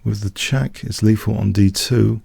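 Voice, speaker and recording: A man's voice: lowish voice, fairly even intonation, normal speed, vocal fry, a little mellow, husky, no room sound. A man streaming live blitz chess, thinking aloud and muttering moves in short clipped phrases.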